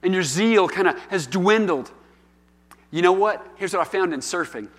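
A man's voice: high voice, expressive, moderate pace. Preaching man in a reverberant hall. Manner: storytelling, conversational preaching with rising emphatic calls. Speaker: pastor. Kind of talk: sermon. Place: church hall.

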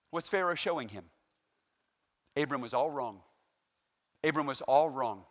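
A man preaching a sermon, animated and full of rhetorical questions to the congregation. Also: a little high, moderate pace, long pauses. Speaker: pastor.

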